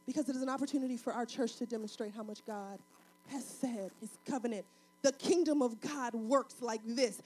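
A woman pastor preaching a sermon, swinging from loud fervent passages to quiet intimate talk, in a colloquial, folksy way. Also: fairly high pitch, a little fast, breathy edge.

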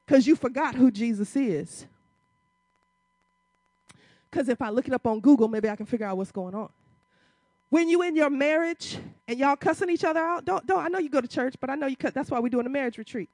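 High-voiced impassioned woman preacher. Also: lively intonation, brisk, no room sound. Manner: impassioned, rising to loud emphatic peaks; uses casual church vernacular, rhetorical questions. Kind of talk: sermon.

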